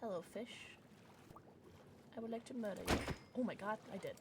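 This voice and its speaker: A woman's voice: medium pitch, fairly quick, very noisy. A young woman streaming a video game, chatting casually and breaking into squealing baby talk with her pets. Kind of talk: casual gameplay livestream chat.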